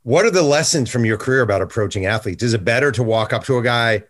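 A man's voice: mid-range voice, expressive, fast talker. A man hosting an interview, asking eager, direct questions. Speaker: podcast host.

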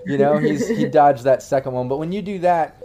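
A man's voice: on the high side, brisk, warm tone, a little hiss or hum. A man narrating as game master, rambling along with many fillers and restarts.

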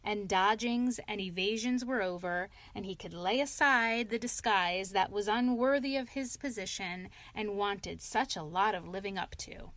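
A woman reading a classic children's story aloud with slow, measured narration. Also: mid-range voice, a bit bright, no room sound. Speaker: reader.

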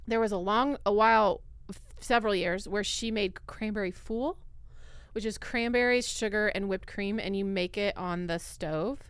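A woman's voice: medium pitch, normal speed, clean tone, no echo. A woman co-hosting a snack podcast, chatting casually and rambling through long explanations. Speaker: podcast co-host. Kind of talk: casual chat.

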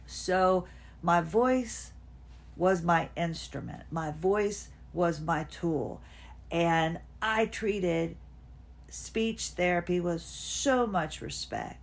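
A woman in her fifties talks at home in an unscripted personal monologue. Her voice sits a little low. She wanders between thoughts and sometimes coaches herself aloud. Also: creaky. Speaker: podcast host. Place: at home, seated.

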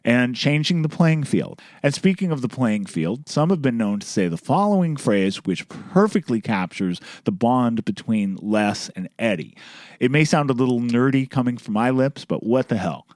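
A man's voice: medium pitch, very animated, normal speed, a little mellow, no echo. A man hosting a podcast, narrating from a script with wry, conversational asides. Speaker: podcast host.

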